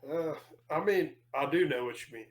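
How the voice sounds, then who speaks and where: A man's voice: a little high, moderate pace, lo-fi sound. A man telling stories in casual podcast chat, rambling with many fillers and restarts.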